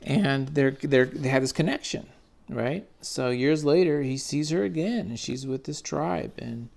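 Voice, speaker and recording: Gravelly man retelling a comic. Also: mid-range voice, unhurried, a little mellow. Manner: enthusiastic, slangy, swears casually. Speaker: comics reviewer. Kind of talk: casual comic book commentary.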